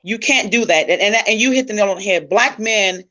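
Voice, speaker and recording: A woman's voice: mid-range voice, a little fast, sharp tone, highs cut off. A woman host speaking earnestly in a casual conversation, often restarting her sentences. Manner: affirming, earnest, with frequent restarts. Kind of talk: casual talk.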